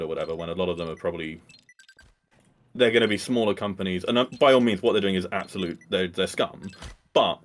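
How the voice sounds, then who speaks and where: Deep voiced guy on a dev stream, earnest, keeps restarting sentences. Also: brisk. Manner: earnest, restarts sentences, reads questions aloud. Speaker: developer reading viewer questions. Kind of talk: casual livestream chat.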